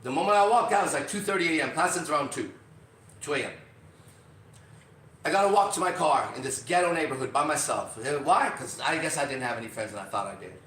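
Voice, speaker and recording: A man hosting a podcast, telling a story in a casual, profane and animated way, acting out other people's lines. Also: on the high side, quick pace. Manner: profane, animated, acts out quotes. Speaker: podcast host. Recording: roomy, distant from mic.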